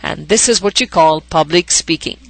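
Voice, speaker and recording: A woman's voice: sits low, normal speed, gravelly, no room sound, poor audio. Upbeat woman radio host, dry sound. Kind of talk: scripted radio talk.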